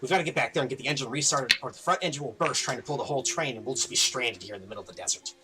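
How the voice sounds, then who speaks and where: A man voicing a gruff protective fighter. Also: medium pitch, racing, over music, close to an everyday voice. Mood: urgent, protective. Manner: blunt, swearing threats. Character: gruff, fiercely protective adult male fighter.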